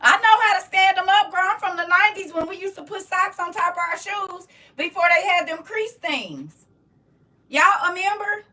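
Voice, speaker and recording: A woman's voice: extremely high pitch, bright, forceful tone. A middle-aged woman hosting a casual livestream at home, teasing her viewers playfully and laughing often. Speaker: livestream host reading chat. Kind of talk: casual live chat. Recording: distant from the mic.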